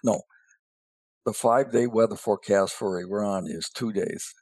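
A man who is a regular guest on a radio talk show, speaking casually in a halting way with many fillers. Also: fairly low pitch, a little mellow, slightly rough, no room sound.

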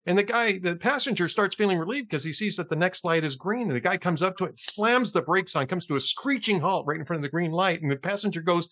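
A man's voice: high voice, animated, fast talker, hardly any pauses, sharp tone. A man hosting a podcast in casual chat, telling jokes and chuckling as he reads. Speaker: podcast host.

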